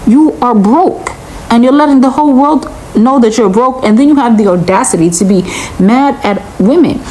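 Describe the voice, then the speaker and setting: A woman's voice: a little high, moderate pace, a little mellow, a little hiss or hum, poor audio. A woman giving a reaction commentary, incredulous and lecturing, driving her points home by repeating them.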